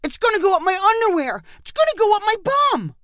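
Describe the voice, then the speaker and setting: A woman voicing a frantic young boy in a short story, crying out in a high shrill voice. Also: very animated, a little fast, a bit bright, no room sound, clean studio sound, heavily acted. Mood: panicked.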